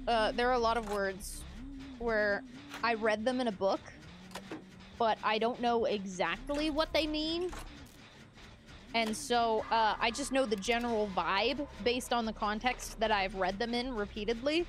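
A young woman streams live and chats with her viewers in a relaxed, rambling way. Her voice sits slightly high. She laughs often and drops casual mild swears as she talks. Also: a little slow. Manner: giggly, chatty, mild swearing. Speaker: livestreamer.

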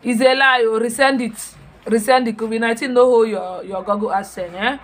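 A woman telling a story in a casual vlog, animated and full of exclamations, repeating her words. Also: fairly high pitch, fairly quick. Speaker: vlogger. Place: home in Europe.

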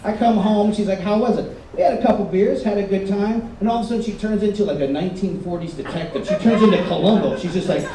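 High-voiced man doing live stand-up. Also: fast, few pauses, a little hiss or hum. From Michigan. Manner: animated storytelling, acts out voices. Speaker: stand-up comedian. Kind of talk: stand-up comedy set. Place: resort comedy stage. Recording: roomy live stage audio, heard from a distance. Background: audience laughter.

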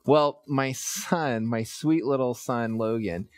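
Pastor, male, 30s, relaxed storytelling sermon, mid pitch, lots of "uh"s. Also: slow pace, no echo. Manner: conversational, storytelling with many fillers.

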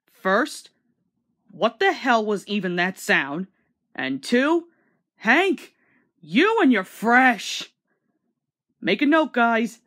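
Female commentary host, wisecracking and sarcastic, animated voice. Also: fairly high pitch. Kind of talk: casual video commentary.

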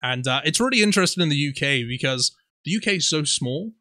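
Fast and fairly high-pitched, this twentysomething Somerset man with a West Country accent co-hosts a casual podcast, spinning animated stories. He swears freely and laughs a lot; the recording is dry and studio-quality.

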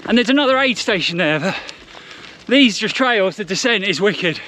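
A man's voice: sits high, expressive, moderate pace, pushed and bright, a little hiss or hum. A man recording an upbeat, chatty vlog outdoors on mountain trails as he runs a race. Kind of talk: on-the-run vlog commentary.

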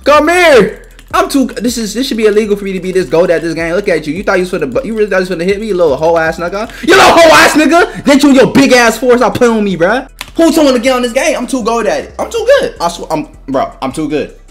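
A young man giving loud, trash-talking gaming commentary, jumping between high yells and low mutters. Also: sing-song, fast. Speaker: gaming YouTuber.

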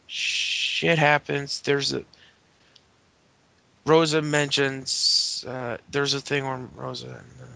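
A man recapping wrestling matches on a podcast in a gravelly, bright voice. His tone is wry, and the sound is dry and close. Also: medium pitch, no room sound. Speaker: podcast co-host.

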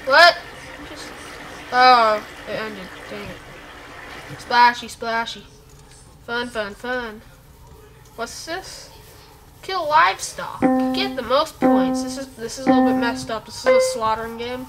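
A young woman casually commenting on her gameplay, excitable and prone to bursts of squealing shouts. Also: fairly high pitch, takes it slowly, pauses often, soft background music, low-quality recording. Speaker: gaming channel host.

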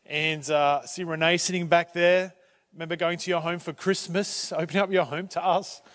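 A man pastor speaking to a church, halting and full of restarts, with self-deprecating humour. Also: a little high, fairly even intonation, a bit bright. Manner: halting, with many fillers and restarts. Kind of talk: church talk.

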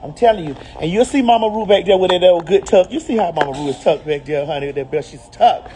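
A woman's voice: fairly low pitch, expressive, quick pace, background noise. A woman with a Southern US accent, a brand ambassador filming a promotional vlog, flamboyant and sassy, calling everyone honey and baby. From Southern United States. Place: out and about on city streets and in a liquor store.

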